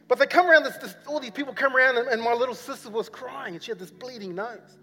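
High-voiced New Zealand pastor telling a story. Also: male voice, fast, pushed and bright. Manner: rambling, repeats himself, frequent fillers. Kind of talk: sermon storytelling. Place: church hall. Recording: long church hall reverb with faint music.

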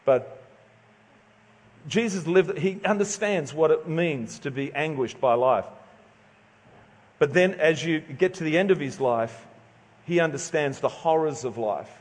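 A man's voice: a little high, a little slow, pauses often, in a large hall. A middle-aged Australian man preaching a sermon in a casual, joking, conversational way, stumbling over his words now and then. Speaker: pastor.

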